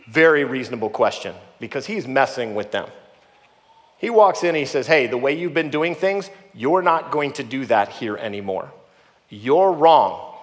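A man preaching a sermon, earnest and emphatic, acting out the voices he quotes. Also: mid-range voice. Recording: long hall reverb.

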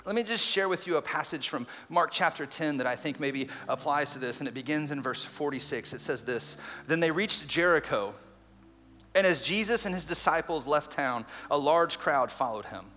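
A man preaching an Easter sermon as a pastor, energetic and conversational, with quick asides and acted-out quotes. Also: on the high side, a little hiss or hum. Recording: long reverb in a large hall with faint music.

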